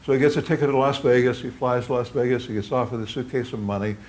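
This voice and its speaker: A man telling a long joke at a college talk, a lively storyteller who acts out the characters. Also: mid-range voice, quick pace. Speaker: speaker at a philosophy humor talk. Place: lecture at a college.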